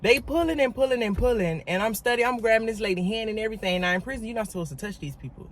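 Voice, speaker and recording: A woman telling a story in a casual vlog, emphatic and animated, talking straight to her viewers and repeating words for emphasis. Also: on the high side, rapid-fire, slight background noise. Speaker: vlogger.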